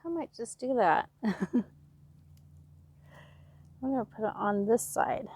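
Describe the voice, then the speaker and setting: Slow-talking gravelly West Coast woman. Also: a little high, animated, a little mellow. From Oregon. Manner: chatty, self-talking, laughs often. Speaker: home gardener. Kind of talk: casual gardening vlog. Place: backyard garden outdoors.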